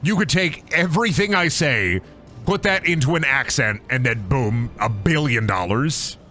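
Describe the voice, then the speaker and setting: A man's voice: mid-range voice, animated, unhurried, bright, forceful tone, soft background music. A young man from Iowa with an Iowan accent, streaming a game with rambling, joking, profane commentary. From Iowa, USA. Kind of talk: casual gaming commentary.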